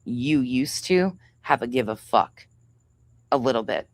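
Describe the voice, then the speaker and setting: A woman with a bass voice hosts a livestream, animated and at a measured pace, in studio-quality audio with no room sound. It's a heated rant: angry, heavily profane and confrontational, as she calls out another creator and reads chat names aloud.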